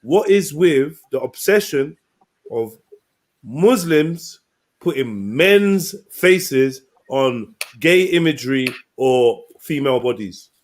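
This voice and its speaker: A man's voice: mid-range voice, lively intonation, slow. A man hosting an online panel who cuts in and repeats himself to hold the floor. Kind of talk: heated online panel debate.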